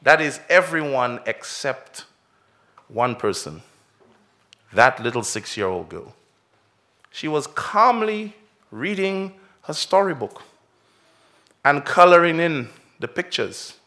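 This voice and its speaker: Bright, expressive male pastor. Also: on the high side, slow pace, long pauses. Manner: expressive storytelling, swells and drops in loudness and pace; asks the listeners many direct questions. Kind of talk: children's sermon with story.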